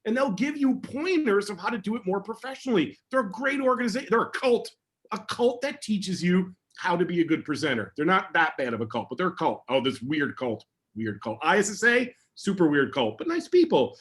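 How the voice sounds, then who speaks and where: Excitable high-voiced man, fast and animated. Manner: energetic and emphatic, excitable. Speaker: security educator answering audience questions. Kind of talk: casual online AMA talk.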